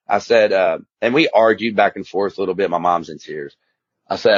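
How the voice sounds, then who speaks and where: Man, lowish voice, candid rambling storyteller, dry muffled sound. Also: fairly even intonation, brisk, no room sound. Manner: candid, rambling, emphatic, swears freely. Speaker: guest, addiction specialist and author. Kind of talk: casual storytelling interview. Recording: slightly muffled dry recording.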